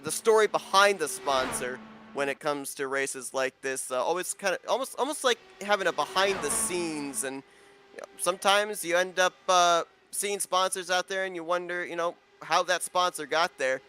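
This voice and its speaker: Bright-voiced male race commentator. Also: sits high, normal speed, a little hiss or hum. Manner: conversational, with frequent fillers. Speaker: play-by-play commentator. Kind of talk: live racing commentary.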